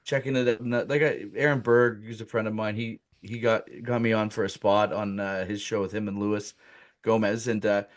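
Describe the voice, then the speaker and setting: A man's voice: lowish voice, a little fast. Man telling a comic story, laughing. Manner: animated, laughs through his story, many fillers. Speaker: comedian guest.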